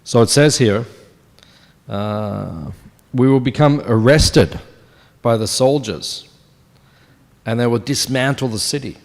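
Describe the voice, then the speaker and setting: A man's voice: mid-range voice, slow, gravelly, pauses often. Man in his fifties giving a scripture class. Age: 50s. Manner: conversational, asks the audience questions. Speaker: temple class speaker. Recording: long hall reverb.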